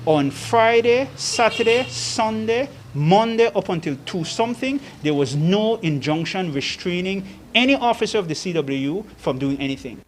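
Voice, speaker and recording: A man speaking as an attorney, making a deliberate, emphatic legal argument to the press. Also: high voice, animated. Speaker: union attorney. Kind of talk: press statement.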